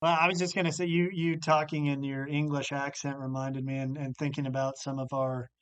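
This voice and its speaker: A man guesting on a podcast, recalling college days with an old friend in a halting, restarting way. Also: mid-range voice, level tone, fairly bright tone, clear, resonant tone. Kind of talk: casual storytelling chat.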